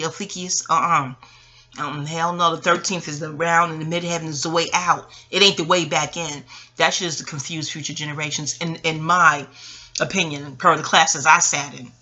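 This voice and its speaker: A woman in her forties, an astrologer talking in a casual, rambling monologue, animated and profane with laughing asides. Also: deep voice. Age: 40s.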